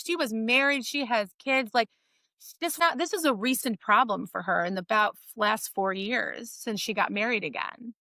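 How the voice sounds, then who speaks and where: A woman with a bright, ringing, somewhat high voice talks as a physical therapist guest on a podcast. She tells stories in a loose, animated way and keeps checking in with "right?" The sound is dry and close, with no room around it. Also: unhurried, dry recording. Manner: animated storytelling, frequent "like" and "right?". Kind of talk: casual interview chat.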